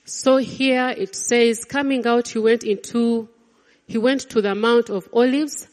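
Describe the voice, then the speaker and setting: A woman preaching a sermon, swinging between loud exclamations and hushed, quiet lines. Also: a little high, steady tone, unhurried. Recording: long reverb of a large hall.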